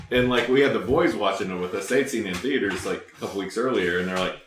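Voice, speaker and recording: Laid-back man with a low voice. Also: lively intonation, fairly quick, fairly bright tone, echoey room, slight background noise. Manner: laughing storyteller who acts out quoted voices. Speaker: podcast host. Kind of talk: casual chat.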